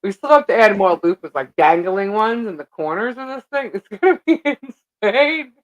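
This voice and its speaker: A woman co-hosting a live stream who rambles through her stories, full of fillers and quick laughs. Her voice sits at a middle pitch and comes across close and dry, with little room sound. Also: expressive, no room sound. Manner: rambling storyteller, laughs often, many fillers. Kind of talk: casual live-stream chat.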